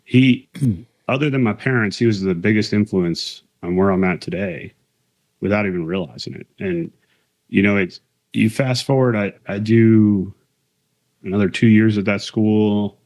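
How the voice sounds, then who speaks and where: A man's voice: on the low side, moderate pace, a little mellow. A man, a military aviator and author, telling candid stories from his career in a casual interview. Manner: candid, conversational, retells quotes with emphasis.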